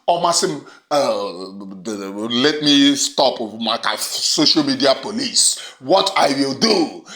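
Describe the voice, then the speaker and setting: A man with a Nigerian accent delivering an impassioned monologue, fiery and repetitive, moving between shouted lines and low intense ones. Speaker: online commentator. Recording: roomy echo.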